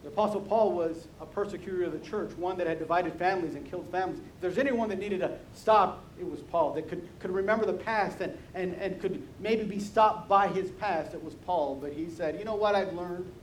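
A male preacher delivers an emphatic sermon and slips easily into storytelling, doubling back on words as he goes. His voice is on the high side and rings out in a roomy church hall over a faint rumble. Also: fairly quick, few pauses.

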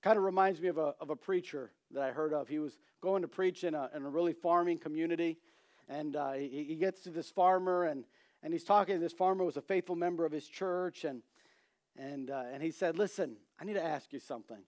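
A man's voice: fairly high pitch, a little fast. A man preaching a sermon, telling humorous stories and acting out the characters' voices. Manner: storytelling, acts out quoted voices, animated emphasis.

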